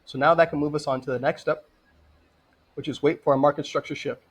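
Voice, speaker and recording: Male trading tutor, fairly high voice, plain instructive delivery for a screen-share lesson. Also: fairly even intonation, a little fast, breathy edge. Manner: direct, instructive, checks in with "okay?". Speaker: trading educator.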